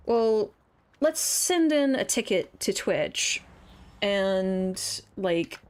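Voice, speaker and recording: A woman's voice: medium pitch, animated, drawn-out words, darkish tone. A woman streaming a game while chatting casually, ranting, swearing and laughing often, and under the weather. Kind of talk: casual chat while gaming.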